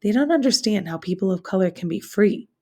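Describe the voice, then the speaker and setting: A proud young woman who speaks in a calm, measured, dignified way, as a woman reading aloud puts her on. The voice has a light gravelly texture under its composure. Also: mid-range voice.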